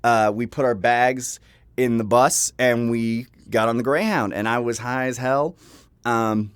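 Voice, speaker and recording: A man's voice: mid-range voice, steady tone, measured pace, clean tone, dry recording. Rambling young man telling a story. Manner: rambling, laughs and restarts often, swears casually. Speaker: vlogger. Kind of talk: casual storytelling. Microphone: home microphone.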